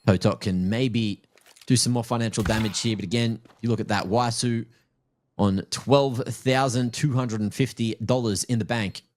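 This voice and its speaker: A man casts a live video game match through a headset mic, his medium-pitched voice steady and a little dark at a normal pace. The esports caster keeps up chatty, joking play-by-play and teases both players and viewers.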